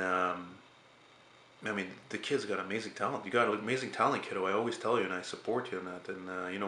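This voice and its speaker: Brief: man around 40, lowish voice, rambling casual vlog chat, faint background hiss. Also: bright, forceful tone. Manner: rambling, hesitant, swears casually. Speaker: artist and channel host.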